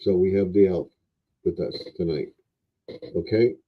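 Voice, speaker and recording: A man hosting a casual livestream, chatting in an unhurried way and talking to a toy. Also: sits low, husky. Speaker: livestream host. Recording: dull lo-fi livestream audio.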